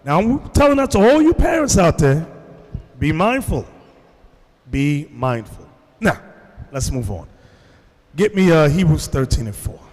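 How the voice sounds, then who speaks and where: A man's voice: on the high side, sing-song, unhurried, pauses often, darkish tone, big-room sound. A man preaching to a congregation, telling stories and addressing the room directly. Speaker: religious teacher. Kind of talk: sermon to a congregation.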